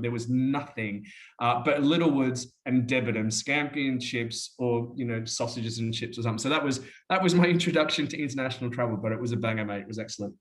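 An Australian man talks at an ordinary, middle pitch and tells stories in long, rambling runs. He is casual and chatty, and he keeps calling the listener "mate". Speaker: interview guest. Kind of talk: casual storytelling chat.

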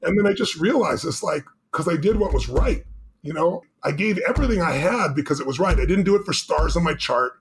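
A middle-aged man, a podcast guest, telling a personal story with intensity, moving between loud and hushed moments. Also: fairly high pitch, lively intonation, fairly quick.

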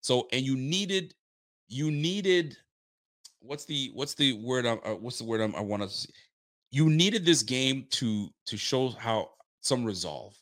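A man's voice: medium pitch, lively intonation, a little slow, a bit bright. Hyped man streaming about football. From Nova Scotia, Canada. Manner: hyped, loose, repeats himself. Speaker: sports fan streamer. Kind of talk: casual livestream chat.

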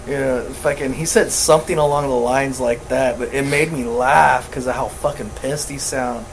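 A man's voice: mid-range voice, steady tone, normal speed, slight background noise, rough recording. A man co-hosting a podcast, chatting casually and telling stories, swearing often and laughing as he talks. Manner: laid-back, swears a lot, laughs through his stories. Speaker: podcast co-host. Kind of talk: casual chat.

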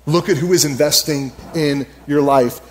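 A man's voice: on the high side, normal speed. A man in his thirties preaching a conversational sermon as pastor, telling stories and repeating key phrases for emphasis.

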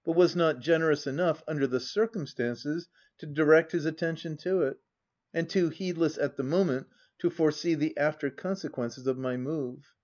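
Male audiobook narrator, slightly high voice, measured reading, lo-fi dull recording. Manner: even, measured first-person reading. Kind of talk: classic novel narration.

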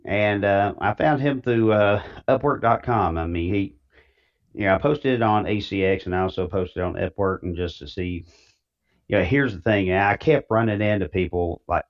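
A man from East Tennessee with a Southern accent, talking casually as an interview guest. His voice sits very low, and he rambles in a folksy way with plenty of fillers. The sound is a little dull and muffled. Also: moderate pace. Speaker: author guest.

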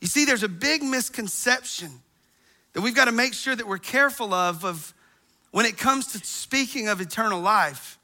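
A middle-aged man preaching a sermon, animated and acting out groans as he tells stories. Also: high-pitched, moderate pace. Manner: animated, acts out groans and quotes himself. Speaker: pastor.

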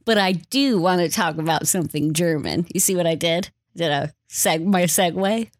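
A woman's voice: on the low side, normal speed, no room sound, clean studio sound. A young woman from Wisconsin, co-hosting a casual podcast chat in a chatty, self-deprecating, joking way. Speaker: podcast co-host.

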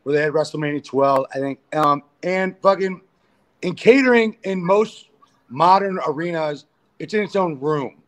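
Man, pro wrestler, high-pitched, crude storyteller, profane, casual interview. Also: moderate pace, a bit bright.

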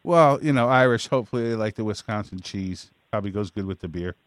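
A man's voice: fairly low pitch, fast talker, no echo. A man hosting a casual interview show, emphatic and agreeable, swearing casually. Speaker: show host.

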